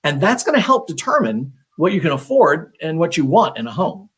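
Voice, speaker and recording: A man's voice: fairly high pitch, very animated, fairly quick, fairly bright tone, husky. A man working as a real estate agent, giving casual advice on a live stream, talking conversationally with many fillers and restarts.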